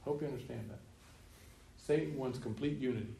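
A male pastor giving a sermon emphatically, slowing down to stress key points and chuckling at his own remarks. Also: medium pitch, creaky, dark tone. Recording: roomy room echo, faint noise.

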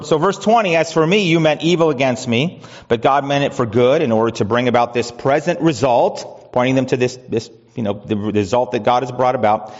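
Pastor guy preaching, asks questions then answers them, echoey church, kinda muffled. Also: medium pitch. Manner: conversational preaching with restarts and rhetorical questions. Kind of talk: expository sermon. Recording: dull sound with long reverb in a hall.

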